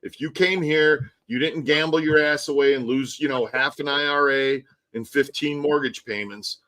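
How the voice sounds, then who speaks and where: A man's voice: on the high side, fairly even intonation, normal speed, fairly bright tone, rough recording. A man hosting a live stream, ranting animatedly in casual chat and swearing often. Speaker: tour guide and live stream host.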